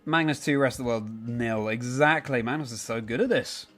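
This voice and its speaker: A man's voice: medium pitch, normal speed, fairly bright tone, faint music behind. A young man chatting casually on a live stream, rambling and correcting himself as he answers viewers by name.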